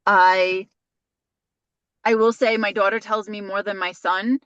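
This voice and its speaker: A woman's voice: mid-range voice, fairly even intonation, measured pace, fairly bright tone, clean tone, no room sound, lo-fi sound. A woman in her forties co-hosting a podcast, telling stories in rambling casual chat with many restarts. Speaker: podcast co-host.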